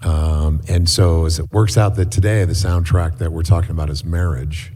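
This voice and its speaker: A middle-aged man giving a sermon as a guest preacher in a church, telling stories in a relaxed, chatty way with many fillers. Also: low-pitched, moderate pace. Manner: conversational storytelling with many fillers. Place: church hall. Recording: echoey hall.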